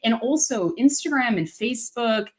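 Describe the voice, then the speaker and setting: A woman author chatting on a video call, telling stories with lots of laughter and animated bursts. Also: on the high side, normal speed. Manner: animated storyteller, laughs often. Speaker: author guest. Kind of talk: casual video chat.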